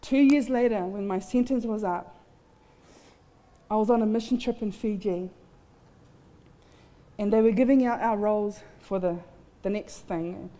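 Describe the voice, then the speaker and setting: A woman's warm, medium-pitched voice moves at a measured pace, and she pauses often. As a guest speaker on a festival stage in a large hall, she tells a frank, heartfelt personal story with some self-mocking humor. Long reverb fills the recording.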